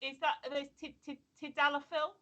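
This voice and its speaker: A woman's voice: high-pitched, flat delivery, normal speed, fairly bright tone, dull audio. A woman co-hosting a casual livestream chat, teasing and laughing often. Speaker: co-host.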